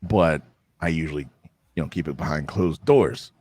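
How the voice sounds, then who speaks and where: A young man guest on a livestream, talking in a relaxed, joking way with sudden energetic bursts. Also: a bass voice, moderate pace, breathy edge, no room sound. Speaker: guest streamer. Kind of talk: casual livestream chat.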